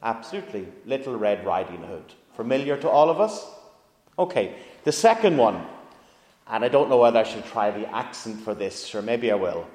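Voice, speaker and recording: A man's voice: fairly low pitch, sing-song, normal speed, a little mellow. Male pastor; chatty, engaging preacher who asks his congregation questions; recorded with long church reverb. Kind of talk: sermon. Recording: echoey church hall reverb.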